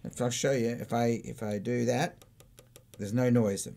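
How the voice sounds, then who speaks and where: A man's voice: mid-range voice, fairly even intonation, measured pace, creaky, dark tone. Man explaining a guitar over playing. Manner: patient, explanatory. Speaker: co-host. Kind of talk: casual chat, demonstrating a guitar.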